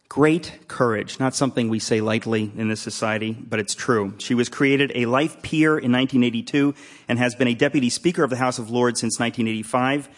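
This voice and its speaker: Deadpan man hosting a live event. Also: mid-range voice. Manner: dry, deadpan joking with asides. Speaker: host introducing a speaker. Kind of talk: humorous introduction at a live event. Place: hall with a live audience.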